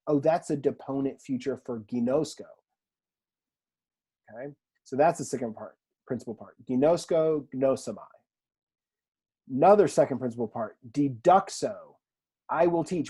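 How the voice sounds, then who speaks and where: A man teaching a recorded online language lesson in a relaxed, chatty way, with fillers and asides, from a room at home. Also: medium pitch, slightly rough. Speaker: Greek teacher.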